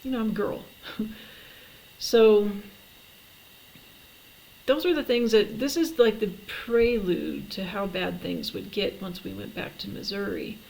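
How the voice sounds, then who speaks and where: Gravelly middle-aged woman telling her story. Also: mid-range voice, a little mellow, rough recording. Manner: halting, reflective, with frequent fillers and restarts. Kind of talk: personal storytelling to camera.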